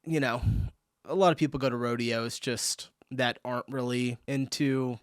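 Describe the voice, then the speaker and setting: A man's voice: mid-range voice, steady tone, moderate pace, dry recording, clean studio sound. A man from California hosting a reaction video, chatting casually, laughing and reading viewer comments aloud. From California, USA.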